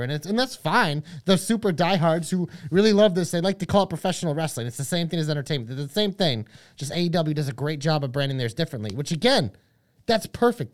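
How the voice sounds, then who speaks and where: A podcast co-host talking casually and emphatically, hyping up picks. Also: mid-range voice. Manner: fast, emphatic, hyping with lists. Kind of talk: casual opinionated chat.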